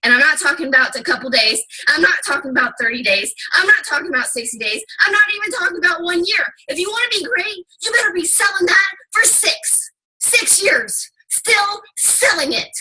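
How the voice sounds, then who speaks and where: A woman's voice: very high-pitched, lively intonation, fairly quick, hardly any pauses, pushed and bright, rough recording. A woman giving a fired-up motivational talk to her team, emphatic and casually swearing. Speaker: team leader.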